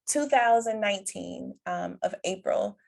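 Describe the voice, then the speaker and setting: A woman guest on a podcast telling a personal story in conversation, lively, acting out the voices of others and laughing often. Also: a little slow, gravelly. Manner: animated, acts out quoted voices with big pitch jumps.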